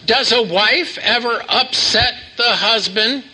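A man's voice: very high-pitched, slow pace, sharp tone, husky, low-quality recording. A man preaching a sermon to a live congregation, asking questions and having them repeat lines back to him.

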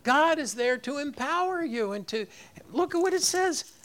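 A man's voice: extremely high pitch, lively intonation, normal speed, a bit bright. A man preaching a sermon, rising on key phrases and leading the congregation in repeating lines. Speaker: pastor.

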